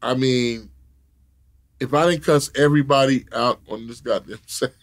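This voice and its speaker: A man telling a profane story as an interview guest, animated, laughing often and acting out the other people in it. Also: mid-range voice, normal speed.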